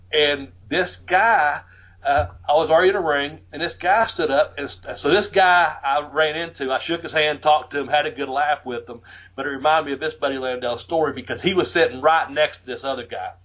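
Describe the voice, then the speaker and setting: A middle-aged American man spins profane ring stories as a podcast host, laughing as he goes and shouting the lines he quotes. His voice sits a touch high for a man. The audio sounds dull and lo-fi. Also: steady tone, brisk. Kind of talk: casual storytelling. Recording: muffled lo-fi audio.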